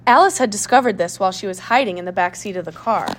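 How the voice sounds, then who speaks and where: A woman narrating a children's mystery audiobook with clear, steady storytelling. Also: medium pitch, fast talker, few pauses, slight background noise.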